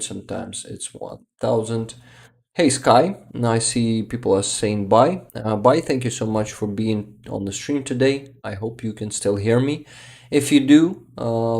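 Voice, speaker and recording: A man from Ukraine, hosting a casual livestream, reading viewer comments aloud in an unhurried way, searching for words and laughing often. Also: on the low side, gravelly, a little mellow. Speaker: livestream host.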